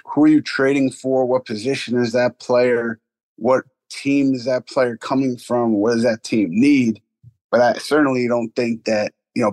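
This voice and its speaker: A man's voice: medium pitch, no echo, low-quality recording. A man reporting on basketball over a remote call, hedging and thinking aloud. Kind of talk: casual basketball chat.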